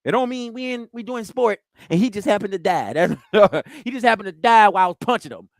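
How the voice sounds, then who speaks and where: A pastor, preaching a sermon in an animated way and acting out the scenes he describes. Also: high-pitched, fairly quick, no echo, studio quality. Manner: animated, acts out scenes and sounds.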